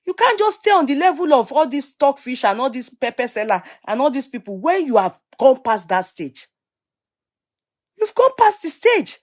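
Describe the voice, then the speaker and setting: Woman, Nigerian accent, middle-aged, fairly high voice, animated scolding rant, switches between English and Yoruba. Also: brisk, hardly any pauses. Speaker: vlogger. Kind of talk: opinionated casual rant.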